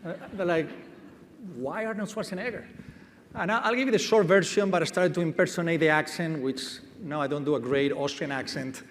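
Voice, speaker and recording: A man's voice: fairly high pitch, fast, few pauses, slight background noise. A man, a company chief executive, telling a self-deprecating story on a conference stage. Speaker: medtech company CEO. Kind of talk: onstage anecdote telling. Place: large conference hall stage. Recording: reverberant conference hall.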